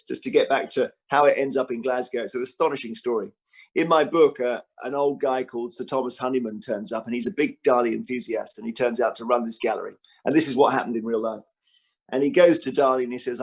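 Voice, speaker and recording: A man talking as an author at a book festival interview, an animated storyteller who acts out quotes, with frequent restarts. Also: mid-range voice, quick pace.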